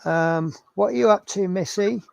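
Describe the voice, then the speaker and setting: A man's voice: sits high, moderate pace, gravelly, a little mellow, no room sound. A man hosting a live model-building stream, chatting in a rambling, self-mocking way. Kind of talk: casual live-stream chat.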